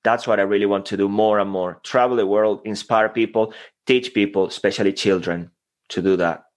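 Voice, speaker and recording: A man's voice: lowish voice, steady tone, fairly quick. A man whose first language is Spanish, speaking earnestly as a motivational guest in a podcast interview. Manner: earnest, motivational, self-deprecating.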